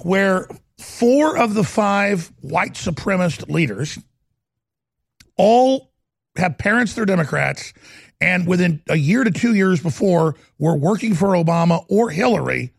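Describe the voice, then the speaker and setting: A man rants in rapid, heated bursts on a talk show. His voice is high and gravelly, husky in texture, recorded close and dry. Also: lively intonation, no room sound. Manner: heated, rapid-fire ranting. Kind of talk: ranting commentary.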